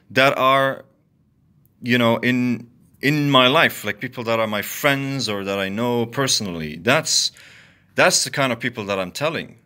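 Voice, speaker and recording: Animated, bright-voiced man ranting. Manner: heated, profane, repetitive venting; swings from loud outbursts to low muttering. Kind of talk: angry solo rant to camera.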